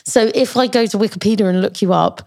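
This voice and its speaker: A woman's voice: medium pitch, gravelly, a little mellow. A woman hosting a podcast, chatting casually and throwing in teasing quips. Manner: quick quips, teasing interjections. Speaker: podcast host.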